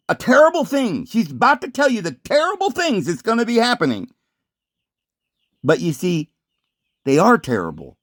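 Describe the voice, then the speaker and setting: A man rambles through a sardonic video commentary, his pitch jumping all over the place. The sound is dry and close, with no room echo. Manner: sardonic, meandering, animated.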